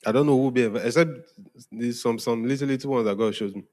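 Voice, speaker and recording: A man's voice: mid-range voice, quick pace, warm tone. A man, a pastor preaching to young people in a conversational way, often checking if they follow. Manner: conversational preaching, often asking "are we together?". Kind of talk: sermon to young congregation.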